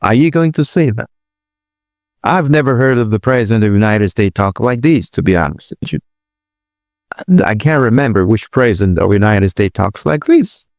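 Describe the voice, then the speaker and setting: A man hosting a political commentary show, reacting to clips with stumbling restarts and bursts of disbelief. His voice is low. The recording is dry and close. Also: lively intonation, moderate pace, a little mellow, dry recording. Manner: hesitant restarts, incredulous exclamations.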